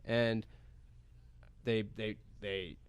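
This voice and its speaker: An American man, a poker pro guest on a radio show, telling a story in an animated, chatty way and laughing as he goes. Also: lowish voice, drawn-out words, clear, resonant tone. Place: radio studio.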